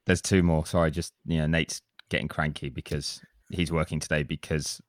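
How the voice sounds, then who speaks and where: A man's voice: a bass voice, flat delivery, moderate pace, no room sound, clean studio sound. A man co-hosting a podcast in casual chat, teasing and reading listener reviews aloud. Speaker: podcast co-host.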